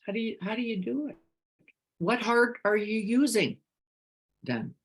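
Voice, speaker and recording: A woman meditation teacher giving a reflective dharma talk, asking many questions and moving between hushed and emphatic moments. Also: on the high side, animated, a little slow. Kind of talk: reflective dharma talk, reading participant comments.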